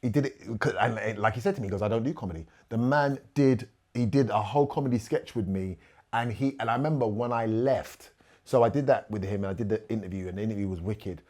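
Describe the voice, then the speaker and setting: Husky-voiced man telling stories. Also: lowish voice, fast, darkish tone. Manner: storytelling, acting out quoted lines. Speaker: guest. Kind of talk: animated anecdote in a podcast chat.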